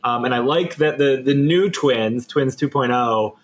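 A man chatting casually on a podcast, halting, with many fillers. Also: mid-range voice. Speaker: podcast co-host. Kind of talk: casual chat.

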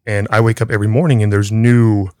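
A man's voice: lowish voice, flat delivery, fast talker, a little mellow, no room sound. A middle-aged man hosting a podcast, telling a story in casual chat, laughing often and acting out the voices in it. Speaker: podcast host.

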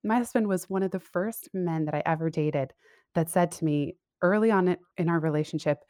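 A career coach and business owner appears as a guest on a remote-call interview, her voice on the low side, warm, and a little fast, captured dry and clean like a studio. Reflective and candid, she laughs easily and often restarts her sentences.

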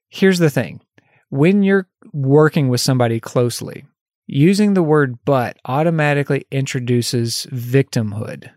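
A man in a middle pitch talks through a solo coaching podcast in an unscripted, conversational way. He laughs at himself now and then and brightens when voicing example phrases. The sound is dry and close, with no room around it. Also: normal speed, no echo. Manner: lifts his voice when acting out example phrases. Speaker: life coach and podcast host.

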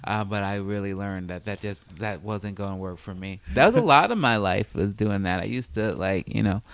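A comedian from Chicago chatting as a podcast guest, telling self-mocking stories in an easygoing way. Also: male voice, fairly low pitch, moderate pace, fairly bright tone, smooth, no room sound. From Southside Chicago, US. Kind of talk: casual podcast chat.

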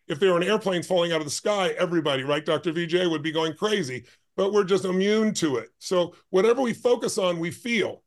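A man telling a story as a podcast guest, his voice pitched somewhat high for a man. He talks with strong emphasis and rushes ahead in fast bursts. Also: expressive. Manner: emphatic, intense, speeds up in bursts. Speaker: guest, life and business strategist.

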